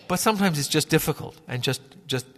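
A man preaching a sermon in a conversational, halting way, often repeating words as he gathers his thoughts. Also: a little high, expressive, fairly bright tone, big-room sound. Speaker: pastor.

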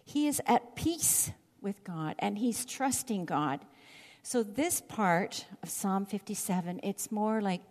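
A middle-aged woman giving Bible teaching, reading scripture aloud and telling stories in an expressive way. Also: medium pitch, a little slow. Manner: expressive, storytelling delivery. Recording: long hall reverb.

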